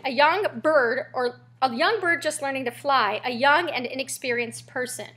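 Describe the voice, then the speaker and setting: Woman, American accent, English teacher, vocabulary lesson, playful, breathy, high pitch. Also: bright, forceful tone. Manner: playful, jokey asides.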